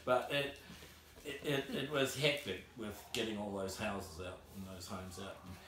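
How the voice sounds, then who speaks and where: A man's voice: lowish voice, steady tone, moderate pace, a bit bright, slight background noise. A man with a New Zealand accent chatting as a visiting guest, easygoing, bantering back and trailing off mid-sentence. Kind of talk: casual chat. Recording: echoey warehouse, far from mic.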